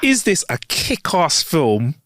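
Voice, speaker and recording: Young British man, slightly high voice, sarcastic rambling chat, dry sound. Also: wildly swooping pitch, slow, a bit bright, no echo. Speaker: podcast co-host. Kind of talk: casual chat.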